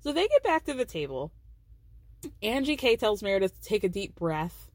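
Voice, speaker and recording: A woman's voice: mid-range voice, very animated, normal speed, no echo. A woman hosting a podcast, casually recapping a reality TV episode in a chatty, amused way. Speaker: podcast host.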